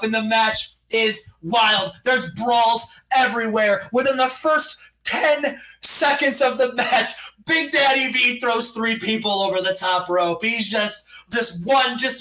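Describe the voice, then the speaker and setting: A man casually recapping a wrestling simulation game, telling it like an excited announcer and playing the crowd. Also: very high-pitched, distant mic, poor audio. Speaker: podcast co-host recapping a wrestling sim. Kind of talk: casual chat.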